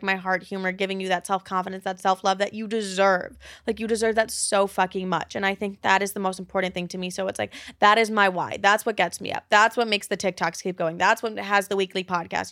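A young adult woman hosts her own podcast, chatting casually on her own with candor, lots of "like" filler and frequent swearing. Her voice is medium in pitch with a fairly bright tone, in a dry, studio-quality recording.

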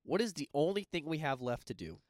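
A man co-hosting a podcast, talking fast and teasing his friend. His pitch jumps around a lot and sits a little high for a man. The sound is dry and close, with no room echo. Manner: lively, joking and teasing. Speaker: podcast co-host. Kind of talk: casual chat.

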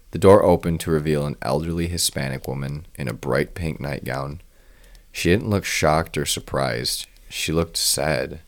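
A man narrating a first-person crime horror story in a measured, grim way. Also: very deep voice.

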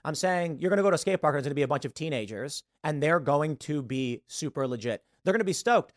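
A man's voice: on the high side, quick pace, few pauses, dry recording, studio quality. A man hosting a live show in a casual, rambling monologue, acting out little dialogues. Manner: animated, acts out quoted dialogue in changing voices; rambling, with frequent restarts. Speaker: podcast host.

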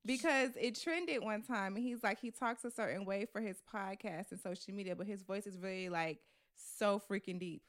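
A woman's voice: medium pitch, normal speed, few pauses. A woman co-hosting a casual podcast, speaking frankly and asking questions. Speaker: podcast co-host.

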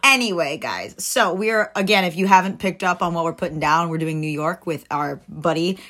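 A woman's voice: lowish voice, moderate pace, bright, forceful tone. A woman co-hosting a casual podcast, joking around and repeating words for laughs. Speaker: podcast co-host. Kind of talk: playful casual podcast chat.

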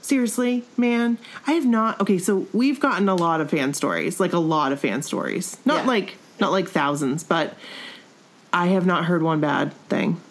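A woman's voice: on the low side, animated, moderate pace. A woman host reacting emphatically and gushing in casual chat. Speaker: podcast host.

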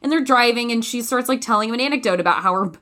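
A woman co-hosting a film talk show in a loose, conversational way. Her voice leaps high and drops low whenever she acts out lines from a scene. She sounds lively and expressive throughout. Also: rapid-fire. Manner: animated, acts out quoted lines with big pitch swings. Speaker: podcast co-host. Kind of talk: casual film discussion.

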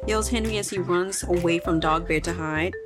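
A woman hosting a children's podcast and narrating a story in an expressive read-aloud style. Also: lowish voice, normal speed, over music.

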